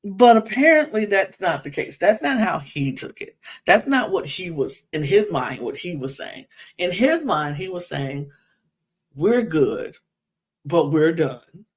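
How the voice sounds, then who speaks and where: A woman's voice: lowish voice, sing-song, normal speed. A woman hosting a podcast, recapping a reality show in a chatty, rambling way with many fillers. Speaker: podcast host.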